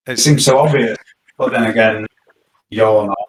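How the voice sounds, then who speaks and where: A man's voice: fairly low pitch, moderate pace, poor audio. A man narrating as game master in a casual, joking way, on his own mic in an online session. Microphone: own computer mic.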